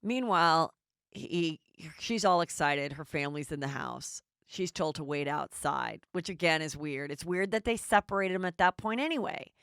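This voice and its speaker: A middle-aged woman hosting a podcast, recapping reality TV in a chatty, animated way. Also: low-pitched, moderate pace, clean tone, no room sound, clean studio sound. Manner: chatty, animated, does voices. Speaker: podcast host.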